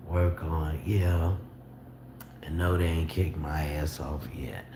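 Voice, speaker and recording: A man casually chatting on his livestream, reading out and answering viewer comments with a slow, drawling, sometimes indignant manner. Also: a bass voice, fairly even intonation, darkish tone. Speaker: livestream host. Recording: echoey room with noticeable background noise.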